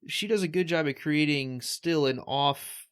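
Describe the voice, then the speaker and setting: Male podcast co-host, casual reread chat, dry humor, halting delivery. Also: on the high side, smooth. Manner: wry, jokey, halting restarts. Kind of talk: casual book discussion.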